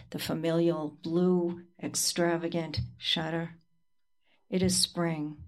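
A woman reading her poetry aloud at a live reading, in a slow and deliberate recitation with pauses. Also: fairly low pitch, flat delivery, darkish tone. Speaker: poet.

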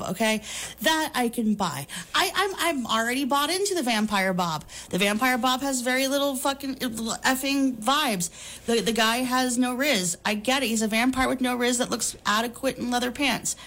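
A woman in her thirties co-hosting a podcast, talking in a loose, rambling, animated way with plenty of fillers and laughs. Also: a little high. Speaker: podcast co-host. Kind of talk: casual chat.

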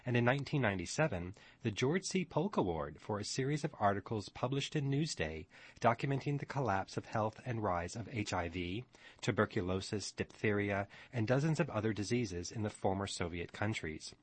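A man's voice: fairly low pitch, lively intonation, normal speed, breathy edge. A male radio host introducing a guest and reading from her website in an earnest, formal way.

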